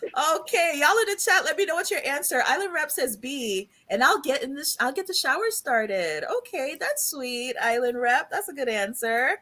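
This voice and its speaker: Bright, lively woman hosting a chat. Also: sits high, normal speed. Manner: laughs often, playful quizmaster. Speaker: host. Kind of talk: live panel chat.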